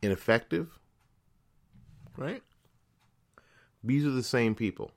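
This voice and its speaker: A man's voice: mid-range voice, lively intonation, slow pace. A man hosting a podcast, delivering a political commentary monologue in an indignant, emphatic way, firing off rhetorical questions and repeating words as he builds his point. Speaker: podcast host.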